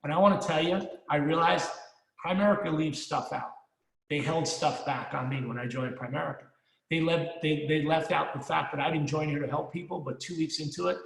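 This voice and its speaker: Man, motivational speech, rallying and profane, gravelly, big reverberant hall. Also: fairly high pitch, a bit bright. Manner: punchy, rallying, repeats himself, swears casually. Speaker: motivational speaker at a sales meeting. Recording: echoey hall, long reverb.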